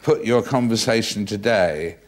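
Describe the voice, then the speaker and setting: A man's voice: lowish voice, moderate pace. A male interviewer asking playful, prodding questions.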